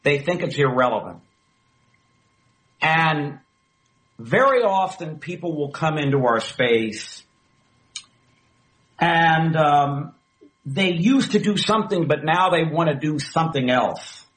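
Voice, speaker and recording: A middle-aged man, a former talk radio host, telling a story in an interview with emphatic, animated delivery. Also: on the high side, slow pace, long pauses, low-quality recording. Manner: animated, emphatic storyteller who acts out quoted dialogue.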